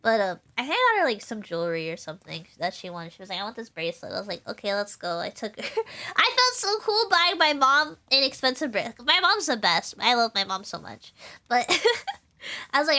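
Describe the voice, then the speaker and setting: A young woman streamer chats casually about her life, rambling through stories with plenty of fillers and giggles. Her voice sits high and bright, and her pitch bounces up and down animatedly. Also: sing-song, a little fast. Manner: rambling and chatty, with frequent fillers and laughs. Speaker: VTuber streamer.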